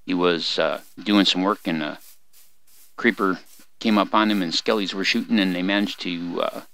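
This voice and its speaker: In a deep, sharp-toned voice at a moderate pace, an older man gives rambling, homespun commentary on his let's play and chats with the animals in the game. Mouse clicks and background noise fill his home recording.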